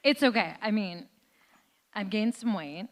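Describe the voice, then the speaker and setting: A woman's voice: medium pitch, lively intonation, unhurried. A woman in her late thirties co-hosting a live show, trading teasing banter with her sister. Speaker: co-host. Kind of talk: live-show casual chat.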